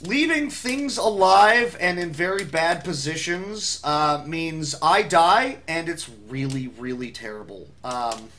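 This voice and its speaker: High, bright-voiced rambling speedrunner man. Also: expressive, slow, few pauses. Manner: rambling, self-mocking joking. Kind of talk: live gameplay commentary.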